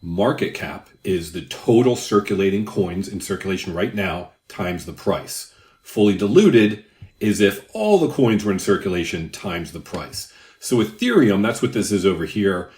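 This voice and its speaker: A man's voice: sits low, animated, normal speed, darkish tone. An older man who hosts a crypto channel, explaining market figures in a casual, conversational way with rambling asides. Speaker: crypto YouTuber. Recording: roomy echo.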